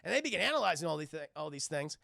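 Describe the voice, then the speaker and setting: A man giving a casual, profane, excitable scene-by-scene cartoon recap to a live chat, often laughing and acting out parts. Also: fairly high pitch, rapid-fire, creaky, no room sound, clean studio sound. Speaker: streamer reviewing a cartoon.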